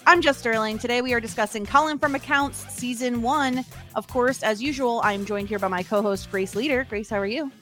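A woman's voice: a little high, a little fast, hardly any pauses, fairly bright tone, soft background music. A woman hosting a podcast, opening the show and chatting in a casual, upbeat way that breaks easily into laughs. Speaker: podcast host. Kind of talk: casual chat.

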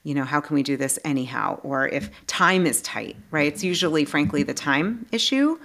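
A woman's voice: sits low, normal speed, creaky. A woman life coach talking casually as a podcast guest, earnest and heartfelt, with lots of restarts and asides. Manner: animated, with many restarts and asides.

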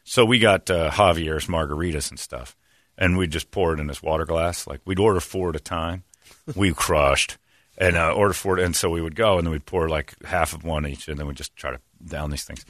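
A man telling comic stories in a rambling, animated way and often laughing mid-sentence. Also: extremely low pitch, normal speed, no echo, studio quality. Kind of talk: comedic storytelling.

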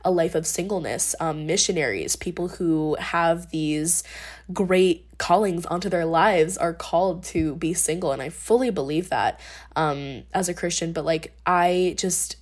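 A woman's voice: lowish voice, a little slow. A young woman hosting a podcast, talking through her thoughts in a casual, rambling monologue with lots of fillers and restarts. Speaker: podcast host.

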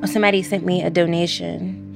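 A woman in her twenties from Washington, D.C., a college student speaking candidly and quickly in an interview, acting out the exchanges she retells. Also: lowish voice, flat delivery, vocal fry, loud music behind the voice. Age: 20s. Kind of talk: recorded interview.

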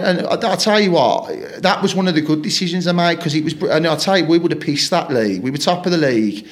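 A man's voice: high voice, fast, few pauses. A man, a football player telling rambling stories in a casual interview, swearing freely and acting out what people said. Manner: rambling anecdotes, frequent swearing, acts out quoted lines. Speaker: podcast guest, footballer.

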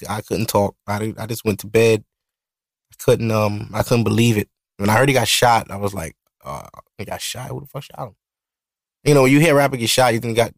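This podcast host, a man in his thirties from Brooklyn, New York, speaks with a Brooklyn accent in a lowish voice with vocal fry. His talk is casual, full of swearing, and wanders through rambling stories. A studio mic gives echo-free, studio-quality sound.

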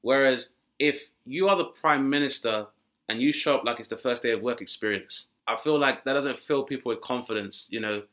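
A man ranting comically, jumping into mock voices and shouted punchlines. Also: mid-range voice, fairly quick. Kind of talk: comic rant with acted-out voices.

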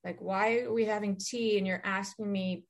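A woman's voice: mid-range voice, fairly even intonation, normal speed, creaky. Middle-aged woman chatting as a guest, rambles a lot, does little voices when she quotes people. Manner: rambling, acts out quoted dialogue. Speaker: guest, Pilates studio founder. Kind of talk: casual conversation.

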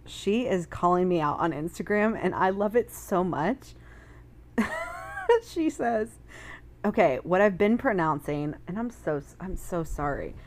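A woman's voice: on the low side, animated, normal speed, darkish tone. A woman co-hosting a podcast in casual chat, chatty and giggly, laughing often as she reads listener messages. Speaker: podcast co-host.

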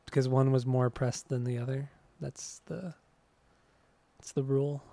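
A man's voice: medium pitch, steady tone, normal speed, creaky, dark tone, no room sound. A young man co-hosting a casual chat, teasing his friend, laughing often and swearing casually. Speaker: podcast co-host.

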